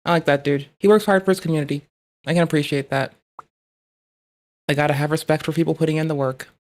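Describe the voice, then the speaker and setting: Woman streamer, low register, foul-mouthed and chatty, casual talk to viewers. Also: fairly even intonation, fast, a little mellow. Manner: blunt, profane and chatty. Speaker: livestreamer.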